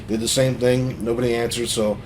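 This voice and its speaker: A man's voice: mid-range voice, steady tone, fairly quick, darkish tone, a little hiss or hum. A man telling a story in loose, profane casual chat, full of fillers.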